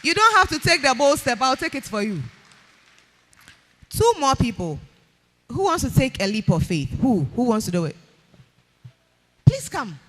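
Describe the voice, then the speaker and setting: A woman's voice: high-pitched, sing-song, normal speed, pauses often, a bit bright. A woman with a Ghanaian accent hosting a live event, energetically coaxing people from the audience to come up, repeating her calls again and again. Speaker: event host. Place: live event hall with music playing. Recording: faint background music.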